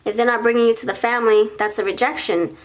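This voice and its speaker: High-voiced woman doing a tarot reading. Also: fairly even intonation, fast talker. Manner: thinks aloud while pulling cards, restarts often; acts out imagined dialogue between partners. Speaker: tarot reader. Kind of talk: pick-a-card tarot reading.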